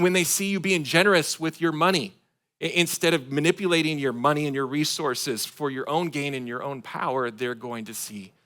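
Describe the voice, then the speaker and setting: Animated preaching man from Michigan. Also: a little high. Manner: animated preaching, swings between loud emphasis and quiet asides. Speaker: pastor. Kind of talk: sermon. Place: church sanctuary.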